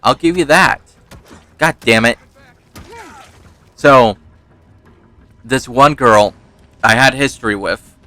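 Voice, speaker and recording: A man's voice: medium pitch, animated, takes it slowly, pauses often, sharp tone, no room sound. A man giving casual let's-play commentary, rambling through personal stories, laughing often and swearing freely. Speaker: gaming YouTuber.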